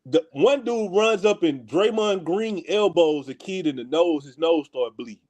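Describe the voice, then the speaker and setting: A high-voiced man with a Houston accent tells a story among friends. He is animated and slangy and laughs along the way. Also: unhurried. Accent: Houston, Texas. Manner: animated, laughs while telling stories, slangy. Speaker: podcast co-host.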